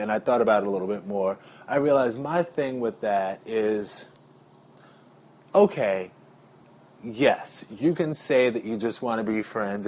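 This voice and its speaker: A man chats away to his audience in a loose, rambling monologue, addressing them as y'all. His voice sits on the lower side, with faint background noise behind it. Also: darkish tone. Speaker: vlogger. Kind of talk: casual talking-to-camera monologue.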